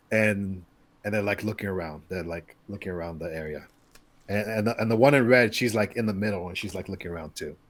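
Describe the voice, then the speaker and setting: A man's voice: lowish voice, brisk, fairly bright tone. A man running a tabletop game as game master, loose and rambling with many restarts.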